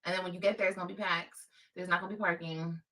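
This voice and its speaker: Bright-voiced chatty woman on a livestream. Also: lowish voice, fairly even intonation, racing, recorded from a distance, poor audio. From Los Angeles, California. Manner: chatty, emphatic, repeats points. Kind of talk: casual livestream chat.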